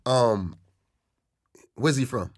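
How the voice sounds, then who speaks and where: A man's voice: mid-range voice, extremely slow, dry recording, studio quality. A man who is a guest on a casual podcast, often cutting in with pointed questions. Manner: interjecting, asks pointed questions.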